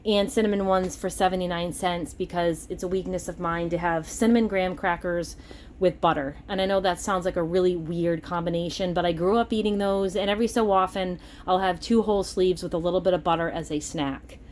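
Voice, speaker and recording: A middle-aged woman with a Massachusetts accent, chatting casually about a grocery haul and getting excited over bargains. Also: lowish voice, fairly quick, a little hiss or hum. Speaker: vlogger.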